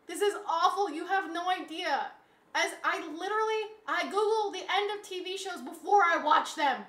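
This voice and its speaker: A woman streamer in casual live-stream chat, pleading dramatically with her viewers and swinging from soft begging to loud shouting. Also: extremely high pitch, normal speed.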